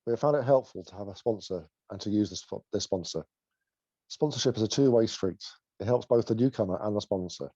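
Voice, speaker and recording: A man reading a passage aloud, haltingly, repeating words at times. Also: fairly low pitch, mellow, breathy edge, dry recording, dull audio.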